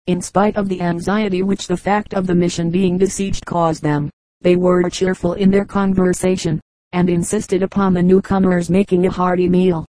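A woman narrating an adventure novel in a steady, even reading that also voices the dialogue. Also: lowish voice, moderate pace, dry recording, rough recording. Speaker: audiobook reader. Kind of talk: scripted narration.

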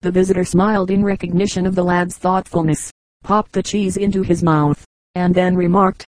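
Lady reading joke stories for an audiobook, low mellow voice, dry close sound. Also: no room sound, poor audio. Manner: even, measured reading. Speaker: audiobook reader. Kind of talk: scripted narration of humorous anecdotes.

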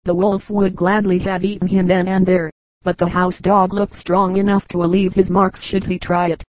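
A narrator reading fables aloud in an even, measured storytelling manner. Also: medium pitch, no room sound, rough recording. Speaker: audiobook narrator.

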